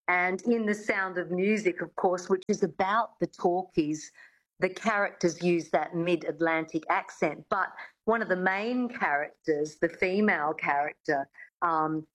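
A woman's voice: fairly low pitch, rough recording. A middle-aged woman, an accent coach, explaining as a radio guest with frequent fillers. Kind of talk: radio interview.

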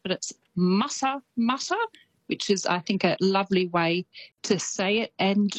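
A woman's voice: mid-range voice, level tone, normal speed, no room sound, poor audio. A middle-aged Australian woman with a slight Kiwi tinge, chatting enthusiastically as a radio show's New Zealand correspondent. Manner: chatty, enthusiastic, laughs easily.

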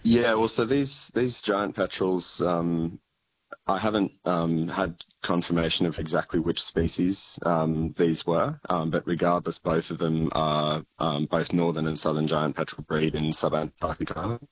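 A man's voice: deep voice, flat delivery, unhurried, breathy edge, low-quality recording. An Australian man, a PhD researcher, answering questions in a live radio interview, hesitant with many ums and restarts, over a remote line with faint noise. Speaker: PhD researcher on bird flu, radio guest.

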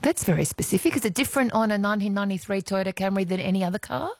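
A woman's voice: medium pitch, rapid-fire. A woman hosting a talkback radio quiz, chatty and playful, laughing easily with callers. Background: music bed.

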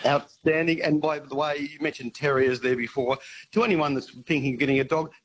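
Aussie bloke calling a radio show, a bit higher voice, keen and laughing, faint noise behind him. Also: male voice, steady tone, brisk, dull audio. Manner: enthusiastic, laughing while talking. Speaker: caller.

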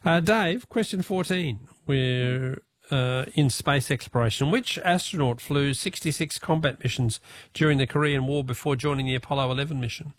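A man with an Australian accent hosting a talkback radio quiz, chatty and jovial with quick laughs. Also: mid-range voice, slight background noise.

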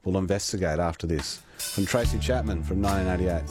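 A middle-aged man with an Australian accent hosting talkback radio in a relaxed, chatty way, laughing easily. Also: sits low, fairly quick, over music. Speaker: radio host.

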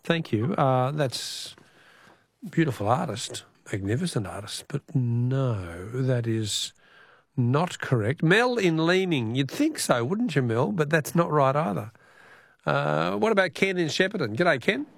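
A man's voice: a little high, very animated, measured pace, gravelly, no room sound. A middle-aged Australian man hosting a radio call-in quiz, jovial and chuckling as he repeats the question.

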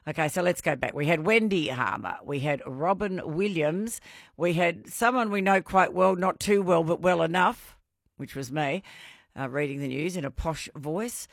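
An Australian woman hosting a radio quiz, chatty and quick to laugh. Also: on the low side, vocal fry, no echo, clean studio sound. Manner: bubbly, laughing often. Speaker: radio host. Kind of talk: casual radio quiz chat.

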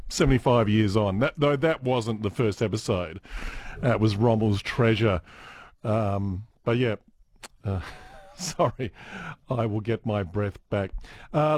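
A man presenting a radio show in a chatty, amused, relaxed way. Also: medium pitch, no room sound. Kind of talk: casual radio chat. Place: radio studio.

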